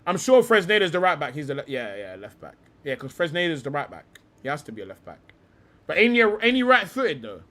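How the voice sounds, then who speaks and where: Young male livestream host, high and lively voice, profane slang-heavy ranting. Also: brisk.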